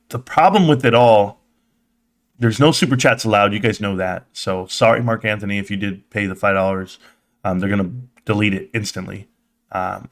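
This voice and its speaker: A man hosting a live stream in casual, excitable chat, talking straight to his viewers and swearing now and then. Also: on the low side. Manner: excitable, swears casually, acts out quoted voices.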